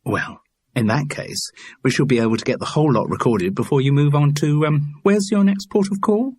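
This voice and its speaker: Man putting on a firm, brisk woman producer. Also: a little high, darkish tone, slightly rough, no room sound, studio quality, pitched above the performer's own voice. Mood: businesslike. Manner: firm and businesslike.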